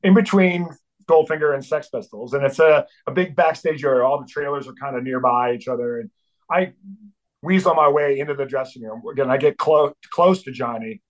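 A man's voice: mid-range voice, a little fast, poor audio. A middle-aged man, a band's drummer, telling a wild tour story as a guest, swearing freely and acting out the voices of the people in it. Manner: swearing, acts out voices in quotes. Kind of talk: animated storytelling.

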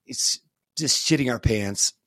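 A middle-aged man, a podcast guest, telling stories in a casual, animated way, full of "you know" fillers and the odd swear word. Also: mid-range voice, unhurried, no echo, studio quality. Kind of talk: casual storytelling interview.

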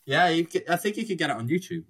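A man's voice: a little high, expressive, quick pace, fairly bright tone. A young man in casual chat, rambling through anecdotes, swearing freely and acting out quotes.

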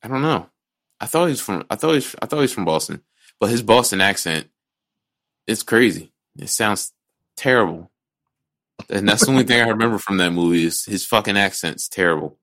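A low-pitched man co-hosts a laid-back movie podcast, his voice bright and forceful. He rambles, restarts his sentences and swears freely as he gives his opinions. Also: animated, moderate pace. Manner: rambling, restarts a lot, blunt and profane. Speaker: podcast co-host. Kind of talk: casual movie chat.

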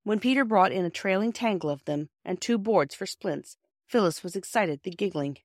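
Brief: woman audiobook narrator, measured storytelling, dry close sound. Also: medium pitch, lively intonation, no room sound. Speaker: audiobook reader.

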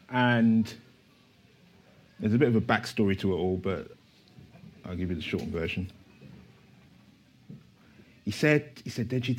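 Husky man preaching with rising fervor. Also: fairly low pitch. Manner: impassioned, rising to emphatic declarations. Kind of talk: sermon.

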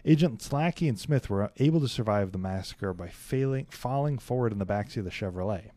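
Man, young adult, podcast host, reading history aloud, chatty asides, low voice, dry sound. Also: brisk, few pauses, no echo. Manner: steady read-aloud with laughing, chatty interjections.

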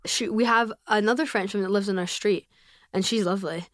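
A woman's voice: medium pitch, fairly even intonation, brisk, fairly bright tone, dry recording, studio quality. A young woman with a Scottish accent, a podcast guest telling family stories in casual chat, with lots of "like" and easy laughter. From Scotland. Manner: chatty storyteller, frequent "like", laughs easily.

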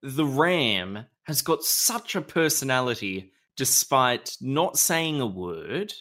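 Slow-talking man, podcast co-host. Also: mid-range voice, pushed and bright. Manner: slow, drawn-out delivery with laughs. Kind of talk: casual chat.

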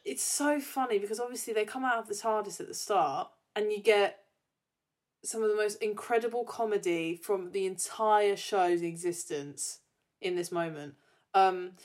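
A young woman co-hosting a podcast, chatting casually and acting out scenes with big jumps in pitch. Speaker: podcast co-host. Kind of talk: casual chat.

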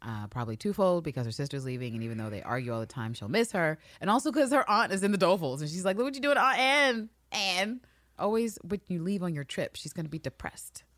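A woman co-hosting a podcast, recapping a TV episode in casual, animated chat and acting out quotes. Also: low voice, quick pace, few pauses, no room sound, clean studio sound. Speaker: podcast co-host.

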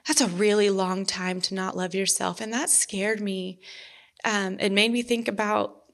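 A woman with a mid-range, slightly bright voice and fairly even intonation gives an earnest personal faith testimony, halting and restarting as she goes.

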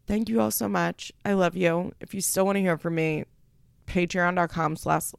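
Gravelly-voiced woman podcast host, rambling. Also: fairly low pitch, no room sound, clean studio sound. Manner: rambling, emotional, swears casually. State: tearful. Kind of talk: solo podcast announcement.

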